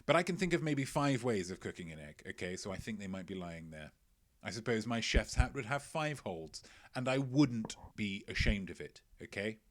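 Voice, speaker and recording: A man's voice: on the low side, big pitch swings, normal speed. A man hosting a casual livestream quiz, playful and chatty, often repeating his own phrases. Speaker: quiz host.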